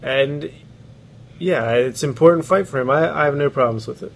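A man's voice: mid-range voice, moderate pace, gravelly, a little hiss or hum. A man co-hosting a casual sports podcast, laughing often and giving blunt opinions with casual swearing. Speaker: podcast co-host.

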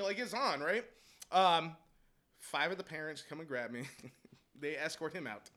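A man telling a heated story about coaching basketball, animated and profane, laughing as he goes. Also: high voice, moderate pace. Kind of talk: casual storytelling chat.

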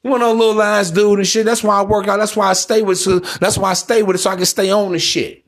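A man's voice: high voice, flat delivery, fast, fairly bright tone. A man hosting a solo podcast, ranting in a blunt, preachy, profane way. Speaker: podcast host.

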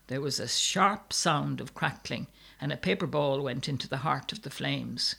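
A man reading a story aloud in a measured, steady narration. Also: mid-range voice, gravelly, slightly rough.

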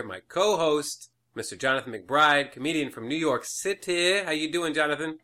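A man's voice: on the high side, sharp tone, soft background music. A man hosting a podcast, chatting casually and answering with easy affirmations. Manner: easygoing, quick affirmations. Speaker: podcast host.

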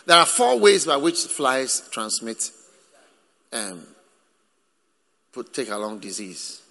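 A man preaching at a slow, deliberate pace, his voice gravelly with fry. He jokes with the congregation, and his words ring out with long reverb in a large church hall. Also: medium pitch. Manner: lively, joking with the congregation. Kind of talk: sermon.

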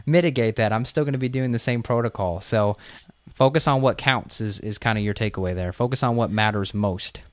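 A man's voice: on the low side, brisk, dry recording, studio quality. A man co-hosting a health podcast, chatting casually and sharing personal anecdotes. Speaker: podcast co-host.

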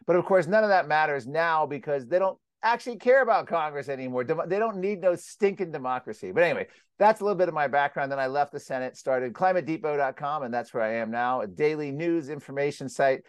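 An American man talks in a fairly high voice with no room echo. He tells long, animated stories as an interview guest. He often restarts his sentences and loudly acts out what other people said. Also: quick pace, clear, resonant tone. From United States. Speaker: guest, climate skeptic publisher. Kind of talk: casual interview storytelling.

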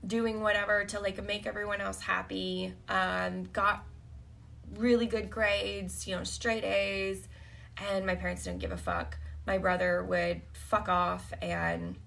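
Gravelly-voiced woman telling a blunt story. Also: mid-range voice, flat delivery, measured pace, fairly bright tone. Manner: blunt, profane, laughs often. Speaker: podcast host. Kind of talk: candid storytelling monologue.

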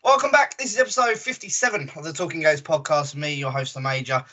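A man hosts a gaming podcast in an easygoing chat, with lots of "uh"s between thoughts. His voice sits a little high and sounds bright and forward. The audio is dull and lo-fi. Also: quick pace, faint music behind. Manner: relaxed, many "uh" fillers. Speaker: podcast host.

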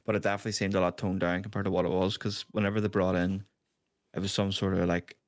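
A man's voice: sits low, level tone, fast, no room sound. A man with a Northern Irish accent chatting offhand about games as co-host of a podcast. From Northern Ireland. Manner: laid-back, offhand, sweary. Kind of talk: casual gaming chat.

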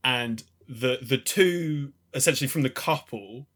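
A man's voice: medium pitch, unhurried, fairly bright tone. A man co-hosting a casual film podcast, telling stories with a laugh and acting out scenes. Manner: laughing, storytelling, acts out quotes. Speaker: podcast co-host.

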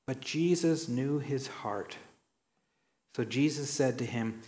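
A man preaching a sermon, telling stories and acting out quoted lines with sudden jumps in pitch. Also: measured pace, darkish tone. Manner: storytelling, acts out quotes with dramatic pitch jumps.

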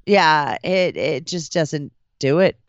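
A woman's voice: sits low, expressive, takes it slowly, no room sound, dull audio. A woman hosting a casual chat, blunt and playful with frequent swearing. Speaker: podcast host.

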